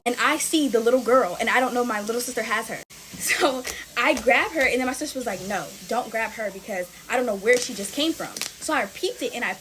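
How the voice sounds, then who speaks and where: A woman's voice: fairly high pitch, fairly bright tone, a little hiss or hum. A young woman telling a personal story in casual storytime chat, talking straight to her viewers. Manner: chatty, talks straight to viewers as y'all.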